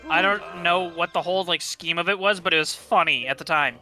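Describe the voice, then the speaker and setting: A man's voice: a little high, brisk, sharp tone, soft background music. A young man chatting casually while playing a game, rambling with lots of fillers and swearing, into a desktop microphone. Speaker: gaming channel host. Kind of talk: casual gameplay commentary. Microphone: desktop gaming microphone.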